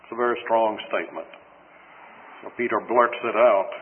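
Texan preacher on lo-fi radio. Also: male voice, medium pitch. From West Texas. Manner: measured, deliberate reading with wry asides. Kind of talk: expository sermon with scripture reading. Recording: phone-like lo-fi radio broadcast with faint hiss and long hall reverb.

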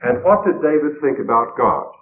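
A man giving an earnest, measured sermon, asking rhetorical questions as he preaches on a radio broadcast. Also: medium pitch, sing-song, slight background noise. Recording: tinny phone-like old radio broadcast.

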